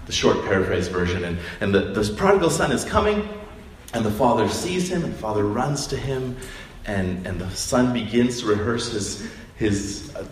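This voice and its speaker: A man preaching a sermon in a conversational, animated storytelling manner, acting out quotes. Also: fairly low pitch, normal speed, slight background noise. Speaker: pastor. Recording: roomy hall, distant mic, faint ambience.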